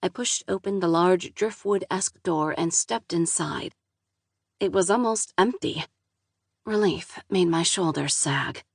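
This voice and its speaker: A woman's voice: on the low side, unhurried, creaky, husky, no echo, studio quality. A woman narrating a first-person novel in a wry, exasperated voice, with casual swearing. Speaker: audiobook narrator.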